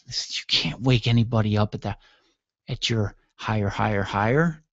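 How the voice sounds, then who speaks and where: Guy hosting a call-in show, gravelly voice, hamming up a story, kinda muffled dry audio. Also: on the low side, fairly even intonation, moderate pace, fairly bright tone, dry recording. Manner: playful, mock-dramatic, repetitive. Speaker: radio show host. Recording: dull, dry lo-fi sound.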